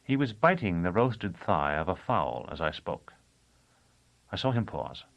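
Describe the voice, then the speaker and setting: A man narrating a novel in the first person, telling the story in an even, deliberate way. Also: sits low, gravelly, highs cut off. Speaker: audiobook narrator.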